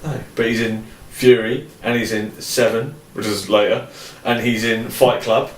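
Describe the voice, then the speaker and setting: A man's voice: medium pitch, a little slow. A man co-hosting a casual podcast chat, swearing freely and laughing often. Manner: sweary, laughing, relaxed banter. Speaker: podcast co-host. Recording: roomy, distant mic, faint hiss.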